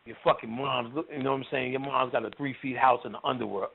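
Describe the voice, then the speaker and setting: A man's voice: medium pitch, very animated, fast talker, gravelly, few pauses, husky. A man teaching occult ideas in casual, profane, joking talk, acting out other people's voices as he goes. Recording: tinny phone-like recording with faint hiss.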